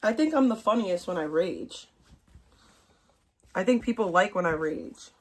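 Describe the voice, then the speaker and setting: Woman, 30s, livestream host, casual profane rant, slightly low pitch. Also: expressive, unhurried. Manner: blunt, profane, ranting. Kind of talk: casual rant to stream chat.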